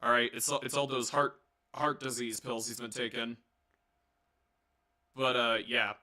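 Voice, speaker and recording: A man's voice: medium pitch, level tone, a little slow, pushed and bright. A young man giving a casual, rambling movie review, swearing and joking with lots of fillers and restarts. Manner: rambling, profane, jokey, many fillers and restarts.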